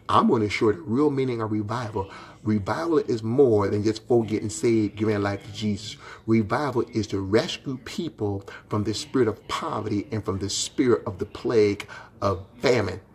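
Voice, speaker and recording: A man's voice: fairly low pitch, darkish tone. A male pastor preaching a sermon in a folksy, direct way, rising to impassioned, emphatic questions. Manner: folksy and direct, talks to viewers by name.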